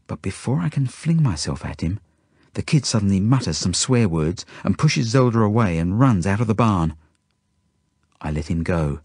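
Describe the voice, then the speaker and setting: A man reading a children's novel aloud in the first person, expressive and sometimes dropping to hushed tones. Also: sits low, moderate pace, breathy edge, no echo, clean studio sound. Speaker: audiobook reader. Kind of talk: first-person storybook narration.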